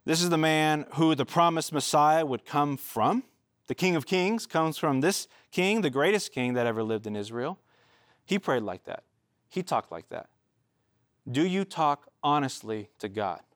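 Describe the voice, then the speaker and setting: A man's voice: fairly high pitch, expressive, a little slow, fairly bright tone, no echo, clean studio sound. A man preaching as a pastor, earnest and conversational. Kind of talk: sermon.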